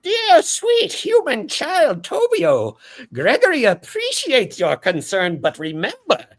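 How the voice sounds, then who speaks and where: A game master voicing a giant floating orb with eye stalks who is mayor of a town, formal and doting, speaking in a high lilting voice and calling itself by name. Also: wildly swooping pitch, slow pace, exaggerated voice. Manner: stiff, courtly phrasing, addresses people by species.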